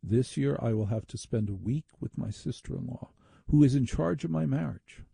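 Gravelly, dark-voiced opinionated radio host man. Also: medium pitch, animated, normal speed, no room sound, studio quality. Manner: opinionated, indignant and sardonic. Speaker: radio talk show host. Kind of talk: talk radio monologue.

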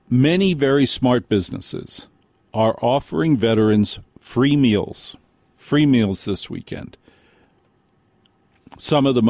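Chatty older radio host. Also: male voice, on the low side, darkish tone, no room sound. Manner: folksy, rambling, mock voices for bits. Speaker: radio talk show host. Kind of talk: live radio talk, chatty monologue.

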